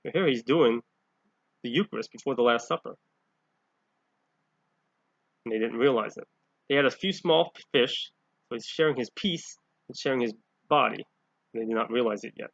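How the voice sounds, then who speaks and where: A man's voice: medium pitch, fairly bright tone, dry recording. A man reading Bible passages aloud and explaining them as a lay preacher, often growing emphatic. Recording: dull, lo-fi home recording.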